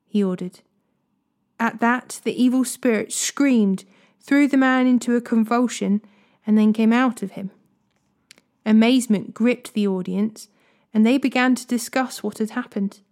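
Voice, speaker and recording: A woman reading Bible passages aloud in a steady, measured way. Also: on the high side. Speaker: Bible reader. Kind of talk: scripture reading.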